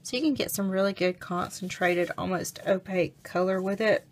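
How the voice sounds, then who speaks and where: A woman with a scratchy, hoarse voice from illness, chatting casually as she hosts a craft video. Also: mid-range voice, normal speed. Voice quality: scratchy, gravelly. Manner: chatty, rambling, relaxed. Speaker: craft channel host. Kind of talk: casual unboxing vlog chat.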